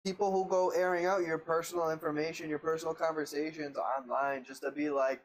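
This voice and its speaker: A co-host of a casual podcast who speaks frankly and swears freely. The voice sits at a middle pitch and lays out opinions at length. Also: normal speed, slight background noise, low-quality recording. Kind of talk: casual chat.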